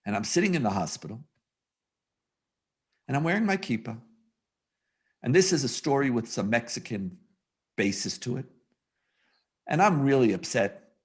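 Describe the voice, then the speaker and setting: A man who is a rabbi, giving a humorous storytelling lecture over a video call in an animated, self-mocking way. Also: medium pitch, normal speed, pauses often, slightly rough.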